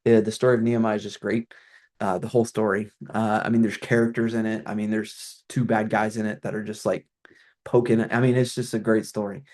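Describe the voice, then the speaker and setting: A man's voice: lowish voice, little pitch movement, fairly quick, a little mellow. Conversational middle-aged man, former pastor. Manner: conversational, many restarts and fillers. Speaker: ministry consultant, former pastor. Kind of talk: presentation on a call.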